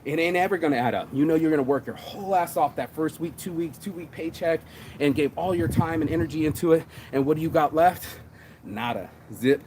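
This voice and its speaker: A middle-aged man hosting a morning motivation show, talking fast and profane, calling everyone "bro". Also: a little high, a little hiss or hum. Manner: profane, energetic, says "bro" a lot. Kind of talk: fired-up casual motivational rant.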